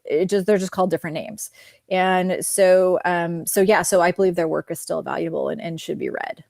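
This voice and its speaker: A woman's voice: lowish voice, steady tone, normal speed, gravelly, darkish tone, no room sound, studio quality. A woman with a Californian accent, an author guest chatting casually over a video call, laughing often. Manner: chatty, giggly, many fillers. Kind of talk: casual interview chat.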